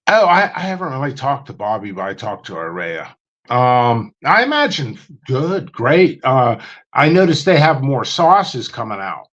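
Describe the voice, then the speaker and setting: Man, casual livestream chat, lively up-and-down pitch, rambling, restarts, quotes people in silly voices. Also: unhurried, dull audio. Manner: rambling, many ums and restarts, does voices when quoting people. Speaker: guest on a livestream chat show.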